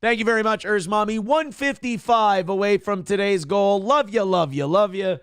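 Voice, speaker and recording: A man's voice: high voice, normal speed, a bit bright, smooth, no room sound, clean studio sound. Joking, foul-mouthed male show host. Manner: profane, joking, self-mocking rants. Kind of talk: casual live-stream chat reading viewer comments.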